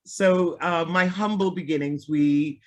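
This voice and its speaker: Chatting casually as an interview guest, a woman musician from Liverpool, England, talks in a softened local accent. Her pitch sits on the low side and she keeps a measured pace, laughing often and drifting off with ums as she speaks freely.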